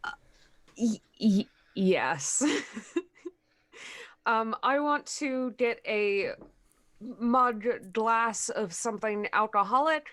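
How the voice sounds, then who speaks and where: A woman's voice: a little high, expressive, very slow, pauses often, a bit bright. A woman playing a tabletop game, giggly and hesitant. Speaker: player.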